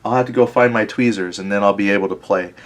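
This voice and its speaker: A man's voice: lowish voice, fast talker. A man from Tennessee with a Southern accent, casually explaining a tabletop war game as he plays and correcting himself along the way. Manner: relaxed, thinking aloud, self-correcting. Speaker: board game player and host. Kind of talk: casual tabletop gameplay commentary.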